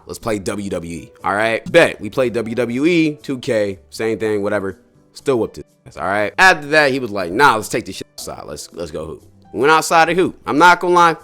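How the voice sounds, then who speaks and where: Animated young man telling a wild story. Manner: animated, jumps to high yelps of disbelief; slangy, profane, laughing storyteller. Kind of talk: casual storytime.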